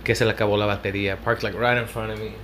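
A man's voice: lowish voice, flat delivery, very fast, fairly bright tone, a little hiss or hum. A young man from Southern California casually telling a story, rambling and swearing, slipping Spanish slang into his English.

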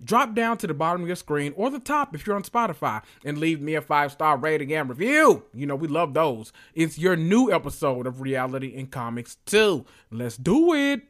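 A man hosting a casual solo podcast, talking in an animated, sassy way with lots of cussing and drawn-out emphasis. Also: on the high side. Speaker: podcast host.

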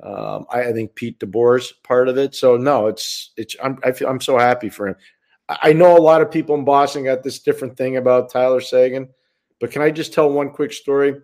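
A man's voice: mid-range voice, fairly even intonation, brisk, a little mellow. A man co-hosting a sports podcast as a hockey analyst, talking earnestly and often repeating words as he restarts sentences. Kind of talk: casual sports chat.

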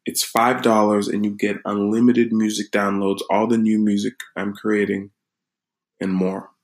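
A man's voice: fairly low pitch, level tone, unhurried, rough recording. A man hosting his own channel, talking in a loose, rambling and reflective way in a casual live-streamed vlog from his room at home.

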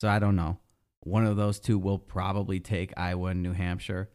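A man's voice: deep voice, flat delivery, moderate pace, a little mellow, clean tone. A man giving a casual, sarcastic opinion monologue as a political commentator, rambling and swearing freely. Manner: sarcastic, profane, rambling with restarts.

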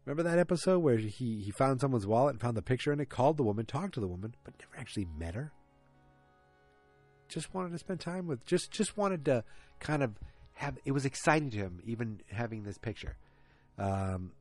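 A man's voice: medium pitch, sing-song, normal speed, a little mellow, soft background music. A man hosting a podcast, recapping an episode in a casual, rambling way with jokes and asides. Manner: rambling, jokey, self-interrupting. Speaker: podcast host.

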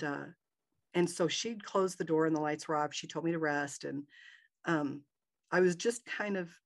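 A woman's voice: low voice, creaky. A woman guest in an interview, telling a personal story with animation and acting out the dialogue in a raised voice.

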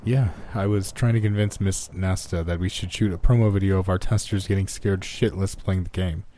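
A man plays a defeated studio boss with a flat, weary delivery. The voice is deep and very dark, close and dry. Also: fairly quick, natural voice. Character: tired male boss at a game studio, defeated.

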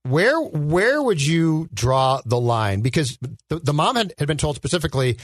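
A man co-hosting a casual movie podcast, talking in an animated way and asking rhetorical questions. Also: normal speed, hardly any pauses, dry recording, studio quality. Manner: animated, rhetorical, swings in pitch. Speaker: podcast co-host.

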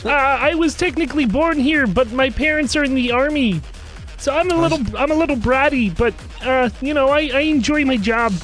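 A man's voice: extremely high pitch, moderate pace, a bit bright, soft background music, pitched above the performer's own voice, rough recording. A man voicing a young, bratty male American field agent who talks hesitantly and stumbles over his words. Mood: sheepish. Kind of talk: tabletop role-play podcast.

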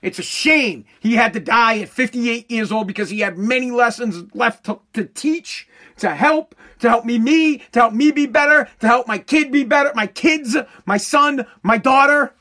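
A man delivering a profane comedic rant, loud and full of stammered repetitions. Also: very high-pitched, moderate pace.

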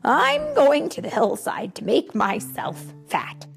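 A woman's voice: high-pitched, huge pitch swings, slow pace, vocal fry, faint music behind, voice pushed up, heavily acted. Woman voicing a pleading middle billy goat.

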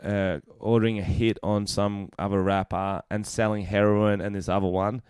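Brief: young male co-host, loose giggly storyteller, smooth slightly low voice, close dry mic. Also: little pitch movement, normal speed, darkish tone, no echo. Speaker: podcast co-host. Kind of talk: casual chat.

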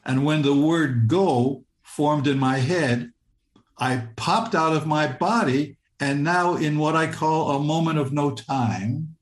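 An older man from Michigan telling a personal story, halting and repeating words as he relives it in vivid present tense. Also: a little high, reverberant. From Michigan, United States.

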